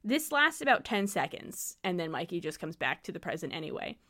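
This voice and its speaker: Lively, bright-voiced laughing woman. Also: on the low side, brisk. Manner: animated, laughs often, exasperated. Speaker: podcast co-host. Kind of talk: casual chat.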